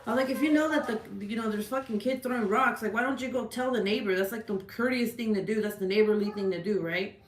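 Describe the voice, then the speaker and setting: A woman telling a story in a casual rant, animated, swearing a lot, with many "like"s and "right?"s. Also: on the high side, fast, few pauses, reverberant, a little hiss or hum. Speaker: vlogger. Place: at home.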